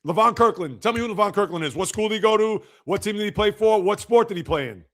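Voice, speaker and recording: Gravelly high-voiced man teasing his live chat. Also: quick pace. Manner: teasing, competitive, reads and answers viewer comments. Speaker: livestream sports host. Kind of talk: casual live-chat banter.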